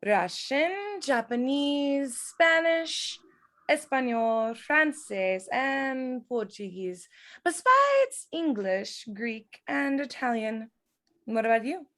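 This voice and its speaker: A woman reading a high, teasing femme fatale. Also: very animated, a bit bright, full character voice. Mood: poised. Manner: teasing, playful, measured. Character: Electra, poised, elusive multilingual young woman. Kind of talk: amateur script table read.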